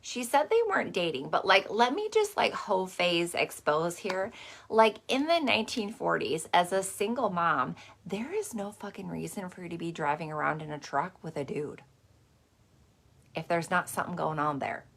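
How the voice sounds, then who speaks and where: A woman's voice: lowish voice, big pitch swings, normal speed, creaky, a bit bright, a little hiss or hum. A woman hosting a motivational masterclass in a casual, chatty, salty way, dropping lots of "like" and "okay". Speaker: host.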